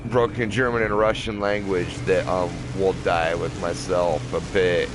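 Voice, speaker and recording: A man's voice: low-pitched, little pitch movement, unhurried. A man giving casual, profane gameplay commentary, rambling and laughing often. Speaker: gamer playing a flight combat game. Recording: game noise in the background.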